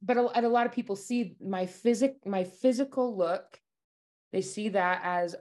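A woman stage actor chats as a guest in a middle register. She is loud and self-assured. Laughter breaks through her talk often. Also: medium pitch, normal speed. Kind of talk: casual chat.

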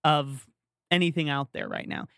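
A man co-hosting a podcast, chatting casually and telling an animated story with playful asides. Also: a little high, normal speed, clean tone, no room sound, clean studio sound. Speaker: podcast co-host. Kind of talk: casual chat.

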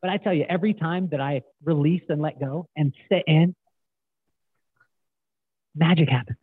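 Middle-aged man, husky, lively storyteller, phone-like sound. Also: on the high side, normal speed, dry recording. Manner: animated storyteller, acts out quotes. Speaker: guest. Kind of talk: casual storytelling interview. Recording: tinny phone-like line, dry.

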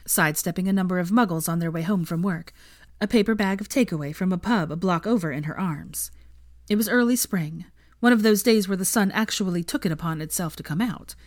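Brief: female reader, low voice, dry close recording, calm narration. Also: dry recording. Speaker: fan fiction reader. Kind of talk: audiobook narration.

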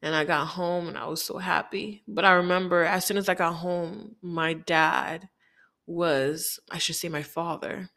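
A woman's voice: fairly low pitch, fairly even intonation, measured pace, fairly bright tone. A woman from Haiti telling a candid, reflective personal story, often quoting people in dialogue.

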